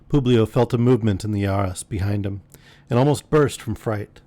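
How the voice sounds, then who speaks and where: A man reading a pulp fantasy novel aloud as a bedtime story, measured with occasional slips. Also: lowish voice, mellow.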